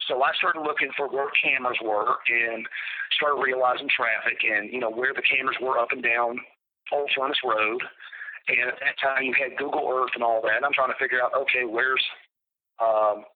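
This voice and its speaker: A man telling a personal story in an interview, blunt and profane, with halting restarts. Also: mid-range voice, steady tone. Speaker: interview guest. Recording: tinny phone line.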